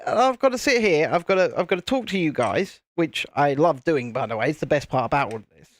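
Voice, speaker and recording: British male streamer, rambling chat, slightly high voice, dry close sound. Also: animated, brisk, no echo. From United Kingdom. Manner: chatty, rambling, reads viewer chat aloud. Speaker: livestream host. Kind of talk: casual live stream chat while building. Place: home streaming setup with cameras and lights.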